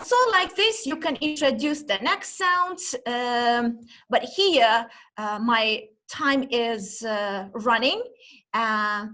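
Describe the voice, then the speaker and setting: A woman giving an online teaching demonstration, talking as if to a class of young children and sounding out letters slowly and with exaggeration. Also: a little high, sharp tone. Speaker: teacher trainer. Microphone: video call.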